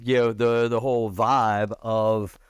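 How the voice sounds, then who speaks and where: A man's voice: takes it slowly, clear, resonant tone, dry recording, studio quality. A middle-aged man, a podcast guest, chatting casually and animatedly, telling stories and acting out the lines of the people in them. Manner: animated, acts out quotes with a raised pitch. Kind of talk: casual storytelling chat.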